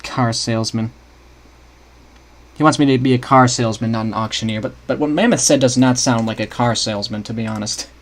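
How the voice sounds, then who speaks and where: This is a young man's mid-range voice, fairly even in intonation and brisk. He's a streamer scripting a game map live, casually thinking out loud, restarting often and talking with viewers.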